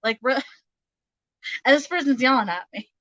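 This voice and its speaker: A woman's voice: high voice, expressive, unhurried, fairly bright tone, no room sound, dull audio. A woman giving a casual tarot reading, chatty, with many fillers and frequent laughter. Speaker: tarot reader.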